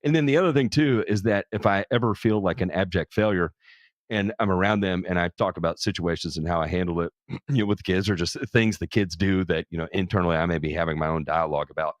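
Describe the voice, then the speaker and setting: Deep-voiced man hosting a casual stream. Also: fast, no room sound. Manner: candid, profane, self-deprecating. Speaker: charity livestream host. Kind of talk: casual chat.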